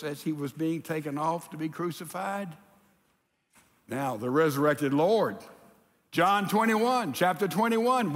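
Animated high-voiced preacher in a reverberant hall. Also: male voice. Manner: animated preaching, acts out quotes. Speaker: pastor. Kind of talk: sermon.

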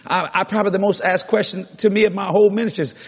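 A slightly high, husky male preacher tells his story with animated, acted-out dialogue and repeated refrains. His voice rings out with a long reverb tail across a large church hall. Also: very fast. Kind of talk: storytelling sermon.

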